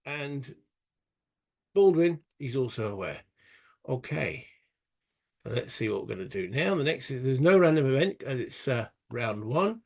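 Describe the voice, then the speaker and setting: A man's voice: mid-range voice, animated, normal speed, vocal fry, a little mellow. A British man narrating a solo tabletop wargame playthrough, chatting and thinking aloud as he goes, with self-mocking asides. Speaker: solo board game player.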